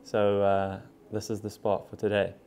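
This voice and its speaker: A young man talks straight to camera from a room still full of moving boxes. His voice sits low and mellow, with little rise and fall. He keeps it relaxed and frank and swears freely. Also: normal speed, clean tone, soft background music. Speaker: vlogger. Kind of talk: casual talk to camera.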